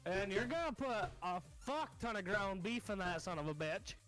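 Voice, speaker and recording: A man with a very high-pitched voice plays a tabletop role-play, speaking casually in character. He is dry and blunt and swears freely, with faint music behind him. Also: animated, moderate pace, fairly bright tone.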